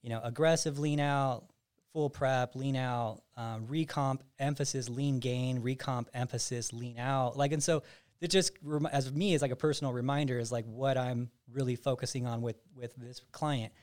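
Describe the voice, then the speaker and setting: A man's voice: mid-range voice, steady tone, normal speed, a little mellow. A man, a physique coach and podcast host, explaining his methods in casual chat and often restarting sentences. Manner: explains at length with frequent restarts.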